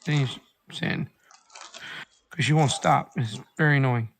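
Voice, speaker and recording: A man's voice: mid-range voice, slow pace, vocal fry, fairly bright tone. A man in casual chat, rambling and swearing as he hands out life advice. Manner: rambling, profane, advice-giving.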